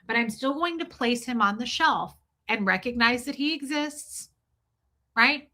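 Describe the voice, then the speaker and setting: A woman's voice: a little high, lively intonation, measured pace, bright, forceful tone. A woman streamer talking candidly and emphatically to her viewers, swearing freely and calling them by name. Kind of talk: casual live-stream chat.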